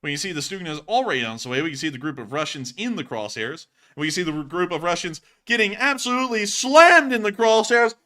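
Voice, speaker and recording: A man's voice: a little high, lively intonation, quick pace, few pauses, pushed and bright. A man hosting a live stream, casually commenting over video clips and cracking jokes. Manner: joking, casual, chuckles at his own puns. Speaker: host of war news stream.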